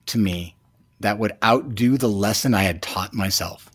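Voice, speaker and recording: A man in his thirties, a new father, telling a personal story in a reflective, halting way with many fillers. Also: lowish voice, no room sound. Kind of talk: casual storytelling.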